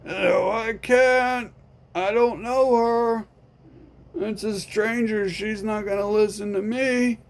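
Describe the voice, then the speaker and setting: A man voicing a callous torturer who shrugs off blame in a slow, offhand, raised voice. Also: sits high, fairly even intonation, voice pushed up. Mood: dismissive.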